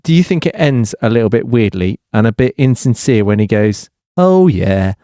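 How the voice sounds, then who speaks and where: A man's voice: medium pitch, a little fast, no echo, studio quality. A man co-hosting a podcast, asking questions and joking that he is a geek. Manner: lively, questioning, self-deprecating about being a geek. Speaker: podcast co-host. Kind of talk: casual music discussion.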